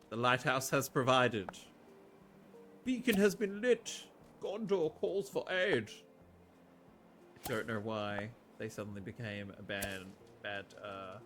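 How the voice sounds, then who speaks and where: A man casually commenting on a farming game playthrough, joking and talking to the characters. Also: lowish voice. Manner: animated, jokey, talks to game characters. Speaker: streamer.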